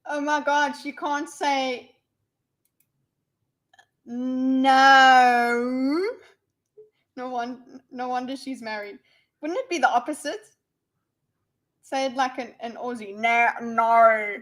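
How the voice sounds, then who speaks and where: A woman's voice: high-pitched, unhurried, rough recording. A woman with a South African accent, commenting on a debate during a live stream in a rambling, playful way with giggly asides.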